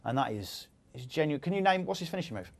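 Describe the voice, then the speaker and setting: A man in his thirties hosting a casual studio chat, jokey and quick, with plenty of ums. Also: on the high side, very animated. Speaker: host.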